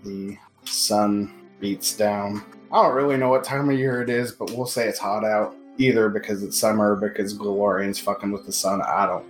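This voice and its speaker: A man's voice: lowish voice, fairly even intonation, moderate pace, hardly any pauses. Casting: male game master, loose rambling delivery, echoey room, faint music underneath. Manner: rambling, casual, lots of filler. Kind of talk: narrating a tabletop game.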